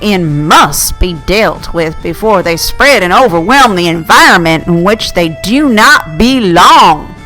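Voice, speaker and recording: A woman voicing a retired male zoologist who explains things slowly and hesitantly. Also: on the low side, animated, pushed and bright, faint music behind, voice pushed down, poor audio. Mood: explaining. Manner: slow, lecturing, hesitant.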